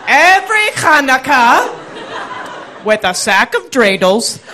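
Woman putting on a dry jewish mom, deadpan, a bit higher than her own voice. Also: slow, some chatter behind, slight background noise, full character voice. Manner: matter-of-fact, deadpan comebacks. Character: dry quick-witted Jewish mother.

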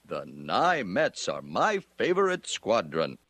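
An actor voicing an Indian cartoon shopkeeper who puts on an exaggerated fake American voice. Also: male voice, takes it slowly, no echo, heavily acted. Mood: hearty. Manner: exaggerated, lively swings in pitch.

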